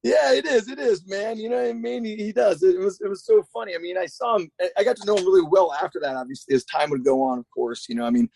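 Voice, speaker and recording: A man, a guest skateboarder, telling a long story in a rambling, profane, animated way. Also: high voice, fast talker, vocal fry, hardly any pauses, no room sound. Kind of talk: casual storytelling.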